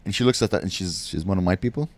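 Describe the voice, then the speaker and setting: A young adult man, a stand-up comedian hosting a podcast, telling profane stories in an animated, brash way. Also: low voice, rapid-fire, no echo. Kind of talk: casual storytelling chat.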